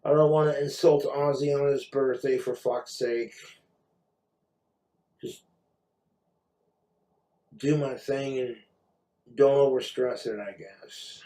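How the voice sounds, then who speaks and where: A man's voice: medium pitch, fairly even intonation, slow, pauses often, dark tone. Tipsy male vlogger, rambling profane rant, mid-range voice. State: drinking, tipsy.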